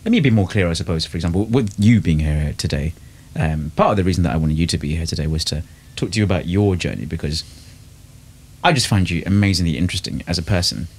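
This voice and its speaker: A man hosts a casual podcast conversation. His voice is low but very lively in pitch, and he muses on ideas in an earnest, reflective way. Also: quick pace, husky. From inner London. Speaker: podcast host. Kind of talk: casual chat.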